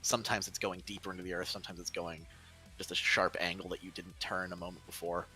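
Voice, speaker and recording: A man's voice: sits low, level tone, quick pace, bright, forceful tone, soft background music. A man narrating as game master of a tabletop role-playing game, describing scenes loosely with many fillers.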